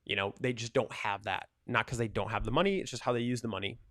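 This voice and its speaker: A man's voice: fairly low pitch, fast, fairly bright tone, dry recording, studio quality. A young man chatting casually over his gameplay, rambling, joking and ranting about whatever comes up. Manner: rambling, jokey, ranting asides. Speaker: gaming YouTuber.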